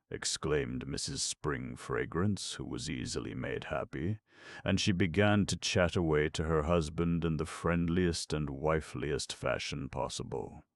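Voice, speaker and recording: A man narrating a classic story for an audiobook in measured, even storytelling. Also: a bass voice, no echo. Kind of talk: scripted narration.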